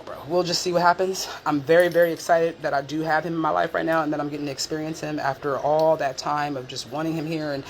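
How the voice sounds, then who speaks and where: A woman vlogger talks through her life at a rapid clip and holds nothing back, with blunt profanity throughout. She slips into other people's voices as she retells what happened, over a faint hum of room ambience. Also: deep voice. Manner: candid, profane, animated retelling with quoted voices. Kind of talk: casual storytelling chat.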